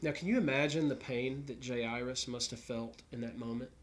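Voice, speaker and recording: A man's voice: mid-range voice, moderate pace. A man preaching an Easter sermon, telling a Gospel story earnestly and voicing the characters' thoughts. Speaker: pastor. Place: New York.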